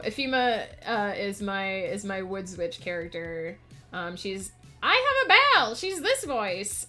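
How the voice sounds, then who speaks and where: A woman's voice: medium pitch, a bit bright. A woman streamer chatting casually while she writes, rambling and laughing often.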